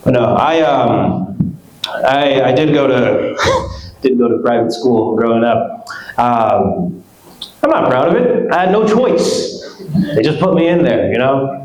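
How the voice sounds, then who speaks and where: A young man from West Africa doing a stand-up comedy set, animated and acting out voices, laughing at his own jokes. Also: medium pitch, unhurried, long pauses. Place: comedy club stage. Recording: roomy club sound.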